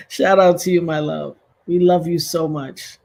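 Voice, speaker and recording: A woman's voice: on the low side, gravelly, darkish tone. A woman hosting a casual livestream, talking straight to her viewers in an effusive, churchy way and praising God. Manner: addresses viewers directly, rallying likes. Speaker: livestream host.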